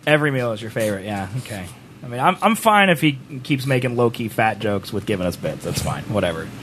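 A man's voice: lowish voice, big pitch swings, fast, a bit bright, slight background noise. A man hosting a casual chat, teasing his co-host playfully and laughing often. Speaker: stream host.

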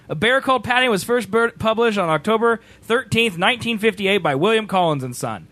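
A man's voice: sits high, a bit bright, no echo. A man in casual chat, joking while reading web pages aloud about a movie.

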